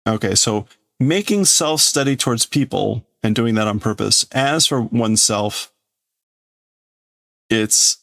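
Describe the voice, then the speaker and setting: A man translating a comic live on stream, thinking aloud in a halting, hesitant way full of restarts. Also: medium pitch, a bit bright.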